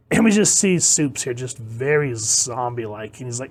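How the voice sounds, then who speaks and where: A man's voice: mid-range voice, animated, brisk, few pauses. A man chatting casually and enthusiastically as a comic book reviewer, reading quotes aloud.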